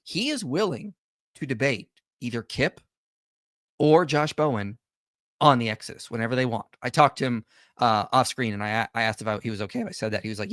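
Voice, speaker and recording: A man hosting casual commentary on a video, sarcastic and animated. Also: medium pitch, dry recording, studio quality. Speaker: channel host.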